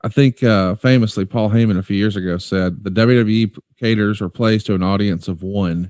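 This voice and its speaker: A man's voice: fairly low pitch, fairly even intonation, fairly quick, a little mellow, no echo, clean studio sound. A man co-hosting a podcast, asking easygoing questions. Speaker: podcast co-host. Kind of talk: casual podcast chat.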